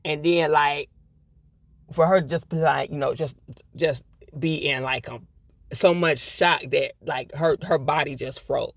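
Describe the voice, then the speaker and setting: A man's voice: a little high, steady tone, a little slow, vocal fry, no room sound. A man giving a casual, blunt TV episode review, swearing freely and repeating his points for emphasis. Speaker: TV show reviewer.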